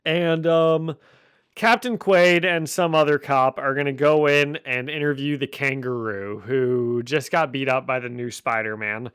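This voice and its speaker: A man's voice: medium pitch, a little slow, fairly bright tone, smooth, no echo, clean studio sound. A man hosting a podcast, casually recapping a comic with jokes and frequent laughs. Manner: jokey, laughs often while recapping. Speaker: podcast host. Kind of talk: casual chat.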